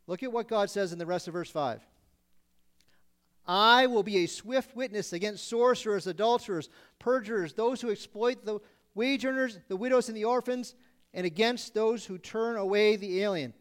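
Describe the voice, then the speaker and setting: Man, preacher, fairly high voice, sermon, dramatic loud pleading bursts. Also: normal speed.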